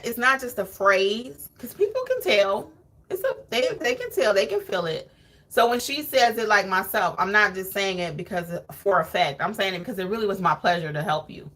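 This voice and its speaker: A woman hosting a live stream, reading viewer comments aloud and coaching notaries in an animated, preachy way with frequent laughs. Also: mid-range voice. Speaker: host of a notary training channel.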